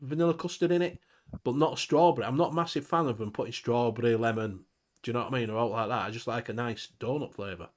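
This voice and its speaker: Talking fast in a mid-range voice, a man from England runs a laid-back live-stream chat where he reads viewer comments, laughs frequently, and swears without much thought.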